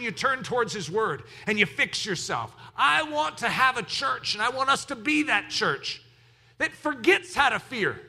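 A man preaching a sermon as pastor of his church, animated, moving from quiet asides to shouted exclamations. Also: extremely high pitch, moderate pace, vocal fry.

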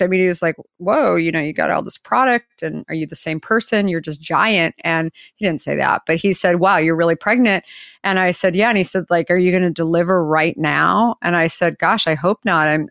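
A woman who founded a company, telling an anecdote as an interview guest and acting out the quoted dialogue with lively shifts of voice. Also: deep voice, no echo, clean studio sound. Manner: animated, acts out quoted dialogue. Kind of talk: anecdotal storytelling in conversation.

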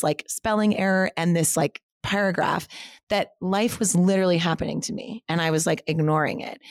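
A woman in her thirties, a guest on an interview podcast, telling a personal story in a rushed, casual way, full of 'like' and 'right?'. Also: lowish voice, no room sound, studio quality. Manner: rushing, heavy use of 'like'. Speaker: interview guest, studio co-founder.

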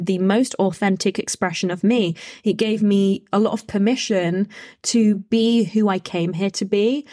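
Chatty woman podcast host telling a story. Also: mid-range voice. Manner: chatty, animated, laughs often. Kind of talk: casual storytelling monologue.

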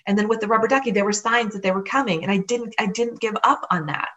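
A woman's voice: mid-range voice, fast, a bit bright, highs cut off. A woman hosting a motivational podcast, telling a personal story in an earnest, encouraging way and repeating phrases for emphasis. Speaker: podcast host.

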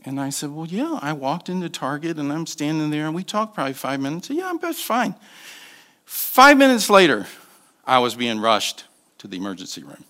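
Guest preacher, man in his sixties, storytelling sermon, animated and varied delivery. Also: fairly high pitch, fairly quick. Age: 60s. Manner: storytelling, shifting between soft asides and emphatic bursts. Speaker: guest speaker.

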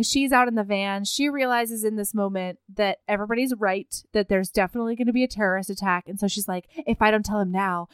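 A woman's voice: medium pitch, clear, resonant tone, no room sound. A woman in casual chat retelling a film plot in a wry storytelling manner. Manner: storytelling, wry, laughing along.

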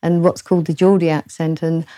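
A woman's voice: low voice, level tone, brisk, no echo. A middle-aged woman from London with a southern English accent, a guest speaking politely and hesitantly in a casual interview. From southern England, London. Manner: soft-spoken, polite, hesitant. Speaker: author and guest.

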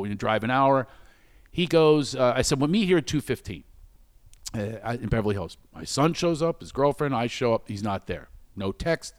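A middle-aged man telling a candid personal story about shame and recovery, acting out the quoted lines with sudden high exclamations. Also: lively intonation, a little fast. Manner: self-reflective, speaks openly about recovery and shame.

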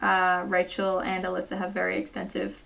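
A woman's voice: fairly low pitch, monotone, normal speed, creaky, a bit bright, distant mic, poor audio. A British woman co-hosting a podcast in casual chat, giggly and self-deprecating. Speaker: podcast co-host.

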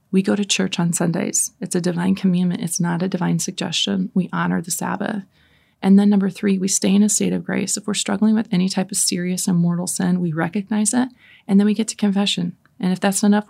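A woman's voice: fairly low pitch, gravelly, darkish tone, dry recording, studio quality. A woman in her forties hosting a Catholic prayer talk, telling family stories in a chatty, laughing way before leading prayer. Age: 40s. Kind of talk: casual faith talk with storytelling and prayer.

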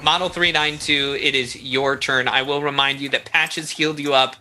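A man who is the game master, narrating a tabletop game in a calm, wry way. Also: medium pitch, normal speed, faint music behind.

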